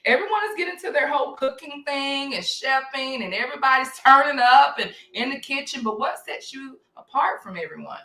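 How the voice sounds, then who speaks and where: Bright, emphatic woman host. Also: sits high, animated, a little fast, hardly any pauses, reverberant. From South Dallas, Texas, US. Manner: enthusiastic, emphatic. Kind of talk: interview chat.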